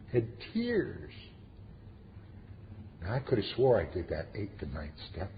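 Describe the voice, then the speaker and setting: A middle-aged man with a fairly low voice tells his story to a meeting, earnest and plain-spoken, slipping in dry humor. The sound is dull and lo-fi, with a long echo from the hall and a faint hiss underneath. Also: very animated, unhurried, long pauses. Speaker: recovery meeting speaker. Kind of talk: personal testimony talk.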